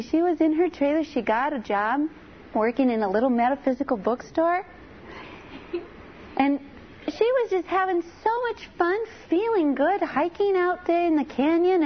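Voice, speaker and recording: High-voiced woman telling a story. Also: highs cut off, a little hiss or hum. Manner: lively retelling, many "she said" tags. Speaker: intuitive reader telling a client story. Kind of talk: anecdotal storytelling.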